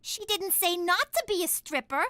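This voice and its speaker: A woman's voice: extremely high pitch, expressive, normal speed, sharp tone, dry recording, clean studio sound, full character voice. A woman voicing a spoiled, melodramatic teenage daughter in a cartoon, whiny and manipulative.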